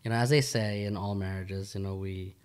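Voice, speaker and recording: A man's voice: lowish voice, steady tone, fairly quick, a little mellow, clear, resonant tone. A man co-hosting a podcast, teasing his friend with easy laughter in casual chat. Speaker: podcast co-host.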